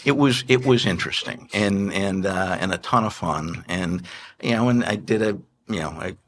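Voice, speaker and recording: A man in his sixties, telling stories as an interview guest, animated, often laughing and restarting his sentences. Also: low-pitched, normal speed, a little hiss or hum. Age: 60s. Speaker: investment manager and podcast guest. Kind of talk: anecdotal interview storytelling.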